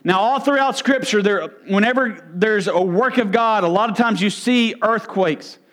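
A man preaching through a Bible passage, earnest and explanatory, with frequent fillers and throat clearing. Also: high voice, normal speed, a bit bright. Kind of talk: Bible teaching sermon.

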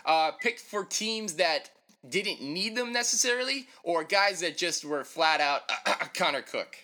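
A man with a slightly high, bright and forceful voice talks football picks in quick casual chat. His takes come out brisk, opinionated and full of jokes. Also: lively intonation. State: winded. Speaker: podcast co-host.

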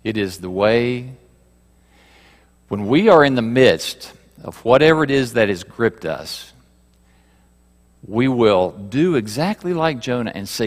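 A man preaching a sermon to his congregation, asking rhetorical questions and moving between loud emphasis and quiet asides. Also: medium pitch, sing-song, unhurried, long pauses, long reverb tail. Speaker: pastor.

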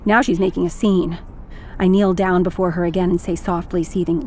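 A woman's voice: lowish voice, fairly even intonation, moderate pace, mellow, slight background noise. Woman reading a wry first-person story. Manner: wry, intimate, builds to bursts of anger. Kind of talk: first-person literary narration.

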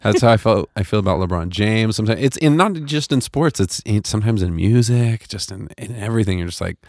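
Deep gravelly man in casual chat. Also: fairly quick, a little mellow, dry recording, clean studio sound. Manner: easygoing, agreeable, laughs often. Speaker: podcast co-host. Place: studio.

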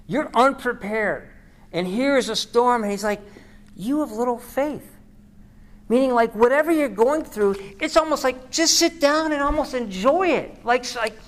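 A woman podcast host giving an earnest devotional talk, preaching with repeated phrases. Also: fairly high pitch.

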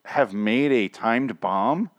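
A man with a mid-range voice talks slowly on his own podcast, recapping a show in a rambling, joking, profane way. His voice sounds strained and shaky, still recovering from singing a few days earlier. The recording is dry and muffled.

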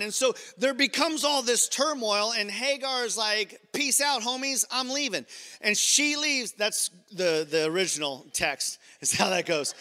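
Pastor, man: high bright tone, chatty and playful in the pulpit. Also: in a large hall. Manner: conversational, playful asides to the congregation. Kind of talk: sermon.

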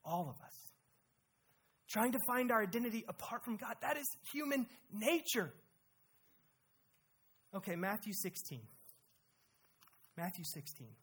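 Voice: mid-range voice, sing-song, a little slow, long pauses, a bit bright, breathy edge. Emphatic preacher with rhetorical questions. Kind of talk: sermon.

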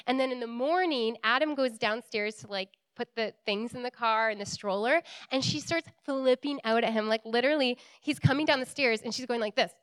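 A young woman telling a story in a casual, animated way, laughing often and full of likes and ums. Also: sits high, a little fast, dry recording.

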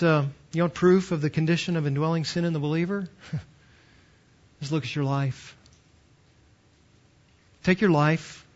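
A middle-aged man preaching a sermon in church, emphatic and repeating words as he presses his points. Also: fairly high pitch. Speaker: pastor. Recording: dull lo-fi sermon recording.

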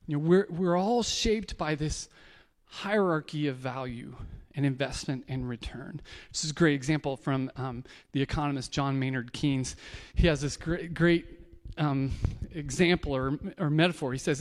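A man's voice: on the high side, moderate pace, big-room sound. A man preaching a conversational sermon as a pastor, telling stories casually and often restarting words.

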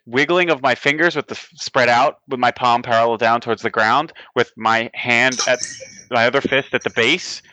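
Eager man with a bright, dry voice. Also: mid-range voice, normal speed, no echo, low-quality recording. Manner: eager, excitable, laughing often. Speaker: player. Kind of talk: casual tabletop game chat.

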